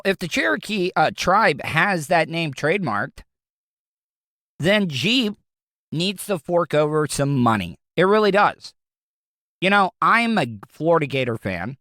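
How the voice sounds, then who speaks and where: Man, Southern American accent, blunt, rambling, fairly high voice, dry sound. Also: fairly bright tone, dry recording. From Southern United States. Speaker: podcast host. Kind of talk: casual opinion talk.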